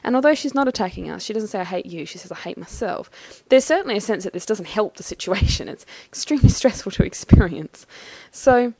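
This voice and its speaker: A woman talking through a personal experience in a thoughtful, halting, measured way. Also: medium pitch, animated, darkish tone, dry recording. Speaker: vlogger. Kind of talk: personal reflective monologue.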